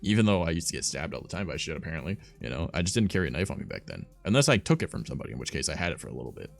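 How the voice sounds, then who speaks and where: A man's voice: a bass voice, very animated, rapid-fire, vocal fry, soft background music. A young man hosting a livestream, telling stories in a rambling, profane, filler-heavy casual way. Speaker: streamer host.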